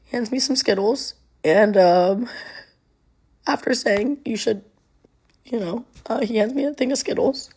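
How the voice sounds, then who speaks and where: A young woman telling a painful personal story to camera in a halting, casual way, full of ums and restarts. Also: fairly high pitch, a little mellow, husky.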